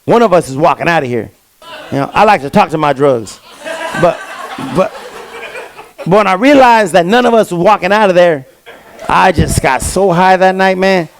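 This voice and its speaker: High, gravelly streetwise male comic. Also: moderate pace, pauses often, a little hiss or hum. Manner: streetwise storytelling with slang and repeated fillers. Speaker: stand-up comedian. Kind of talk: stand-up comedy set. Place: comedy stage before a live audience.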